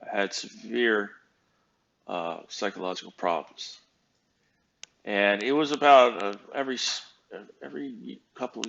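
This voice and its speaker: A man's voice: lowish voice, a bit bright, muffled recording. A man in his fifties giving casual commentary, rambling and hesitant with many fillers. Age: 50s. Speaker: YouTube commentator.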